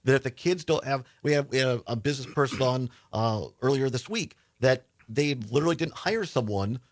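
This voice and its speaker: A man's voice: medium pitch, expressive, a little fast. A man hosts a political talk radio show. He asks his guests questions in a conversational way and gets openly indignant. His voice sits in a middle register.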